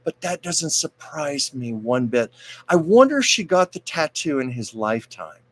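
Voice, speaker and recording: A man hosts a casual livestream show, telling rambling, chatty stories and reading viewer comments aloud. He is very animated, with a voice on the high side and a moderate pace.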